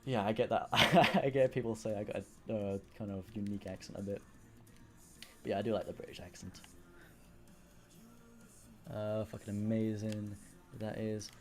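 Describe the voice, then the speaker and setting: A man's voice: on the low side, steady tone, a little fast, soft background music. A young man with a mixed Yorkshire and South Wales accent, chatting casually with viewers on a live stream, rambling and swearing freely. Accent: mix of Yorkshire and South Wales.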